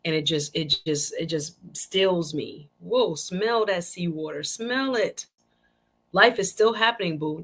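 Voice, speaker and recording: A woman's voice: fairly low pitch, pushed and bright. A woman hosting her own live-stream talk show, chatting casually and animatedly with viewers and often repeating phrases. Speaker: show host.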